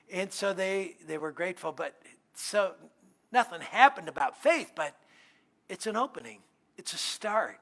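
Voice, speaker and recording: A middle-aged male guest pastor preaches in a church. He tells stories in a humorous, chatty way. His voice sits high for a man and rings bright and forceful. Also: animated, measured pace. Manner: humorous, anecdotal, conversational. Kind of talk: storytelling sermon.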